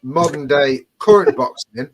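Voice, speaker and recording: A man's voice: a little high, moderate pace, a crowd in the background. A man chatting on a live stream in a blunt, crude, opinionated way. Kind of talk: casual chat on a live stream.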